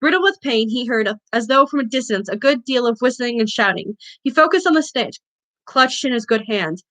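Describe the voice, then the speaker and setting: A woman reads a novel aloud for a book club, pausing to correct her own slips. Her voice is bright and sits a little high. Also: expressive, low-quality recording.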